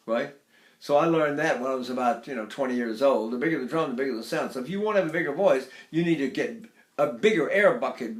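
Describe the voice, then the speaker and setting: Older man, high voice, echoey room. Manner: demonstrates by sighing and singing phrases high. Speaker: voice teacher. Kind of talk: vocal technique lesson.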